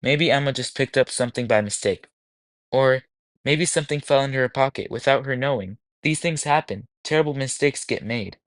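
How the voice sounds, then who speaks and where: A man's voice: medium pitch, normal speed, no room sound, close to an everyday voice. A man voicing a stooped, distraught immigrant father whose words come out ragged and sputtering. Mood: despairing. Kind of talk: audiobook character voice.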